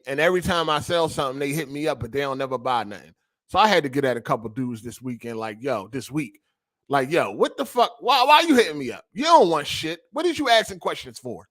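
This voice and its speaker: A young man with a high, light voice hosts a gaming show and rants in a loose, profane, slang-heavy monologue. He talks with animated energy and swears freely. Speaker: podcast host. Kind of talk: casual ranting monologue.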